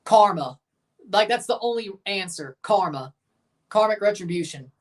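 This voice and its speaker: A woman hosting a live game watchalong, giving chatty, blunt reaction commentary and bursting into excited cheers. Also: medium pitch, moderate pace, recorded from a distance. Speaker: livestream watchalong host.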